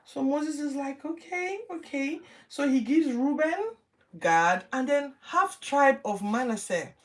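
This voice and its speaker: Sounding distant from the microphone, this Bible reading podcast host has a high voice and speaks a little slowly. She retells scripture in a casual, animated way, performing the quoted lines with lively voices.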